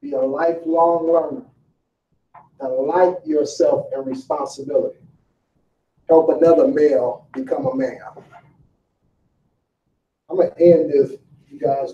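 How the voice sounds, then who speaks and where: A man delivers a fiery motivational talk to a room full of listeners, his rather high voice driving home each point with rhetorical questions and loose, casual phrasing. He is caught from a distance in an echoing room. The sound is dull, with faint ambient noise underneath. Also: dark tone. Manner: emphatic and preachy, with rhetorical questions to the crowd; colloquial, casual street phrasing. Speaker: motivational speaker. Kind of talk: motivational speech to a live room. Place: large room with a live audience.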